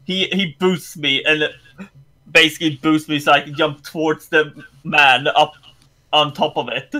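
A man at a tabletop game who stumbles through the rules as he talks. His voice is bright and tense, set a little high. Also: fairly even intonation. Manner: quick, stumbling rules talk. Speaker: player. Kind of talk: casual chat.

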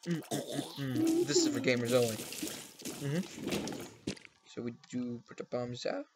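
Young male gaming host, goofy and chatty, mid-pitched voice, hissy home setup. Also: very animated, normal speed, pauses often. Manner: chatty, goofy, talks to his pets. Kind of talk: casual let's play commentary. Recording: noisy home recording.

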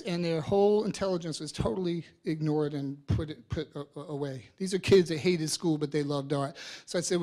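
Middle-aged guy artist telling stories to a crowd, kinda high voice, gets loud then drops quiet. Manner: animated, acts out quoted voices, swings loud and soft. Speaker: artist speaking to an audience. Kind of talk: storytelling talk.

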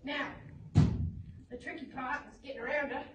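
A woman playing an excitable Australian male wildlife presenter in an improv sketch, exclaiming and narrating to the camera in a put-on Australian accent. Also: sits high, normal speed, lightly acted. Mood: frantic. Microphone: phone camera. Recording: echoey far-off noisy phone video.

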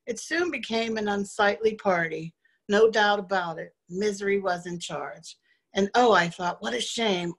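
A woman at a spiritual service recites her rhyming poem in a measured, rhythmic reading. Her voice sits at a middle pitch for a woman, and her tone is unhurried and storytelling. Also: fairly bright tone, breathy edge. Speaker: guest speaker. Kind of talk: poetry recitation.

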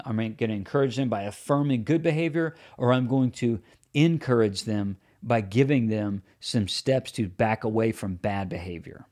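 A man's voice: medium pitch, darkish tone. Earnest man giving practical advice. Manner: earnest, plain-spoken, practical advice with mock examples. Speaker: podcast host. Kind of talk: solo podcast teaching.

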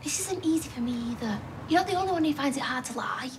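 An actress playing an anxious, guilty young woman, speaking in urgent, hushed tones. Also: sits high, animated, fast talker, noisy background. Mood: tense. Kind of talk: TV soap drama acting.

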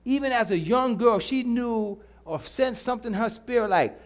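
A man's voice: extremely high pitch, normal speed. A middle-aged man preaching a sermon in church, repeating his lines and calling out to the congregation. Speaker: pastor.

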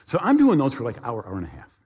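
A middle-aged pastor tells his story in a sermon, his husky voice rising and falling with lively swings. He acts out the scenes with sound effects. The voice rings with a long reverb from a large hall. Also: mid-range voice, racing. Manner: animated storyteller with sound effects and acted quotes.

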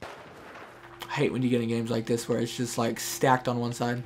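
A man's voice: medium pitch, monotone, normal speed, slight background noise. A young man giving casual, chatty commentary while playing a shooter game, talking to teammates and viewers. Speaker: gameplay streamer. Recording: faint game gunfire behind.

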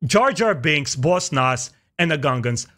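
A man's voice: a little high, expressive, unhurried, fairly bright tone. A man hosting a casual podcast chat, reflecting aloud and asking long, winding questions. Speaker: podcast host.

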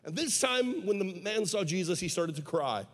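A man's voice: high voice, a bit bright. A man preaching a sermon, telling a parable with a dramatic delivery and putting questions to the crowd. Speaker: evangelist. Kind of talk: storytelling sermon. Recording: long hall reverb.

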